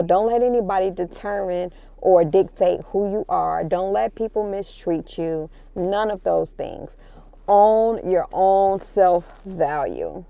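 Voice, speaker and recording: A woman's voice: on the low side, creaky, warm tone, no echo, muffled recording. A middle-aged woman with a Chicago accent, speaking earnestly to camera from her car as a mother giving advice, repeating phrases for emphasis. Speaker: vlogger, mother of adult children. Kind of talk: reflective talk to camera. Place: parked car.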